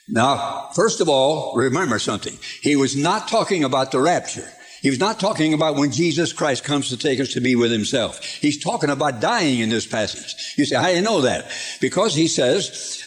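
A man's voice: a little high, expressive, moderate pace. Folksy older man preaching. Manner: folksy storytelling, chuckles through anecdotes. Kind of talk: sermon. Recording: archive sermon recording.

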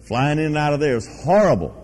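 Folksy preacher in a reverberant hall. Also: male voice, fairly high pitch, sing-song, fast talker, a little mellow, breathy edge. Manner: storytelling, folksy and emphatic. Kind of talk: sermon. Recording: long reverb of a large hall.

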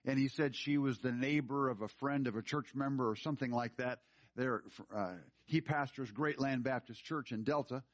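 A man's voice: medium pitch, moderate pace, no echo, highs cut off. A man preaching a sermon in a church, telling a story and building to emphatic appeals. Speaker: pastor. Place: church room.

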